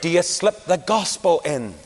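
Animated Northern Irish preacher in a hall. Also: male voice, high voice, measured pace. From Northern Ireland. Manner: storytelling with anecdotes, animated swings. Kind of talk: sermon. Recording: long reverb in a hall.

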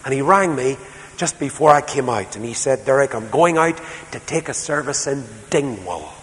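A man preaching a sermon as a storyteller, moving between soft, quiet passages and loud, emphatic ones. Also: mid-range voice, expressive, normal speed. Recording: reverberant hall, faint background noise.

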